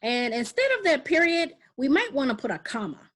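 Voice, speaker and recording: A woman's voice: sits high, very animated, a little fast, fairly bright tone. A woman teacher answering questions in a grammar lesson for children, thinking aloud and correcting herself. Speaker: elementary school teacher.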